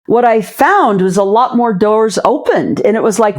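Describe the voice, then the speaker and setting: A woman's voice: a little high, lively intonation, moderate pace, few pauses. A middle-aged woman, a psychologist guest, speaking candidly and earnestly in a reflective interview, often restarting and repeating her phrases.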